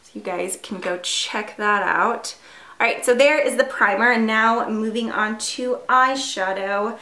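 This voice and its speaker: A woman's voice: fairly high pitch, a little slow, bright, forceful tone. A woman in her twenties chatting casually through a makeup tutorial, full of fillers and self-deprecating asides. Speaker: beauty vlogger. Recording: echoey room.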